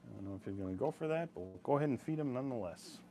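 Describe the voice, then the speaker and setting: A man's voice: medium pitch, animated, racing, creaky, mellow, soft background music. A young man hosting a live-stream sale, chatting casually with easy laughs and rambling asides.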